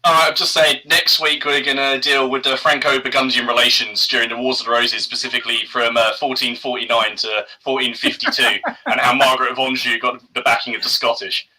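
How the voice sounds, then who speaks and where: A man's voice: medium pitch, little pitch movement, fairly quick, few pauses, sharp tone, low-quality recording. A man, co-hosting a casual podcast chat, hesitant with many ums and restarts. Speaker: podcast co-host.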